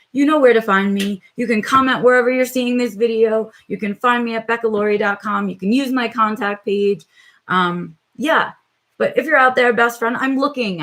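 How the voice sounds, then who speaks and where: A woman's voice: a little high, a bit bright. A middle-aged woman hosting a live stream, talking reflectively and hesitantly with viewers, with lots of filler words. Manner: reflective, hesitant, many "um"s and "right?"s. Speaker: vlog host on a live stream.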